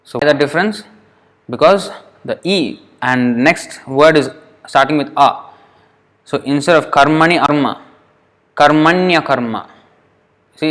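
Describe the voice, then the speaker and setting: A man teaching an informal lesson on verse pronunciation, patient, often restarting and sounding words out slowly syllable by syllable. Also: mid-range voice, a bit bright. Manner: frequent restarts, thinking aloud.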